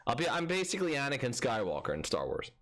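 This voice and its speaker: A man's voice: medium pitch, huge pitch swings, fast, fairly bright tone. A man co-hosting a podcast in casual chat, playful and riffing on silly jokes. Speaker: podcast co-host.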